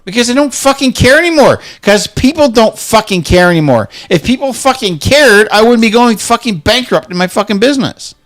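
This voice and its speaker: A man's voice: very high voice, lively intonation, fairly quick, few pauses, fairly bright tone, soft background music. A middle-aged man in casual chat, ranting heatedly with lots of swearing and stammered restarts. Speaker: co-host.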